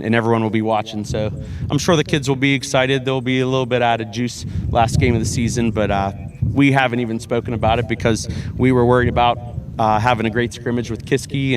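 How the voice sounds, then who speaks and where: Man, football head coach, earnest interview answers, halting with repeats and fillers. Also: medium pitch. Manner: earnest, repeats words, many fillers and restarts. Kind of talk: sports interview.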